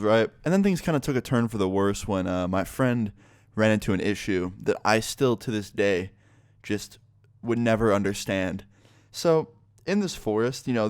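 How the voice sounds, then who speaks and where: This is a casual story-time vlog in which a young YouTuber wanders through an anecdote, cursing often and filling gaps with fillers. His fairly low voice is smooth, captured at studio quality with no room sound.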